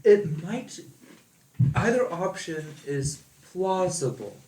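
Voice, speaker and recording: A man playing a tabletop game, speaking slowly and deliberately. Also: high voice, very animated, darkish tone, far from the mic. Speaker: player. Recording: echoey room, away from the mic.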